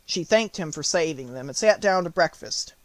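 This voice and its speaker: A man reading an audiobook, narrating the story in clear, even tones. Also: on the high side, moderate pace, no room sound.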